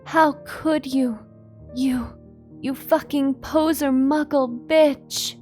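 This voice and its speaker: A woman voicing a furious teenage vampire boy who shouts in outrage, in a comic reading. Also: high-pitched, fairly even intonation, slow, soft background music, voice pushed up.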